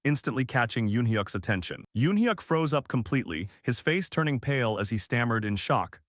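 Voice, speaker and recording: A man reading a scripted story recap as narrator, in a steady storytelling delivery. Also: mid-range voice, a little fast, dry recording, clean studio sound.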